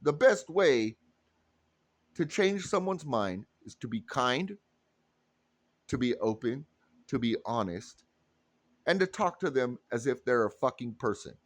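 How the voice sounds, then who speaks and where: A man's voice: medium pitch, dry recording. Blunt, profane man ranting. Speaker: political commentator. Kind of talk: ranting monologue to camera.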